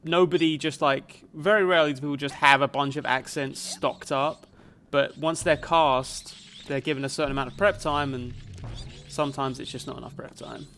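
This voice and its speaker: A man's voice: medium pitch, fairly even intonation, normal speed, fairly bright tone, slight background noise. Rambling man streaming a game. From Canada. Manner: rambling, musing aloud, muttering reactions to the game. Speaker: live streamer. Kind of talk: casual chat while playing a video game.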